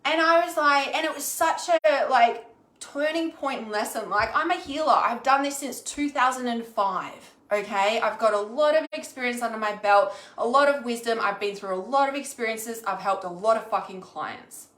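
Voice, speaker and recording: A fairly high-voiced woman speaks to her viewers in an echoey room. She is frank and sweary, and she keeps checking in with "okay?" as a healer sharing her own experience. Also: moderate pace, fairly bright tone. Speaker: intuitive healer and mentor. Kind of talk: casual, candid vlog talk to viewers.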